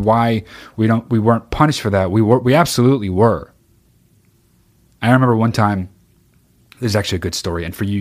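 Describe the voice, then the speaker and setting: A man hosting a podcast in casual chat, answering listener questions bluntly and swearing constantly as he rambles. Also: fairly low pitch. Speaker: podcast host.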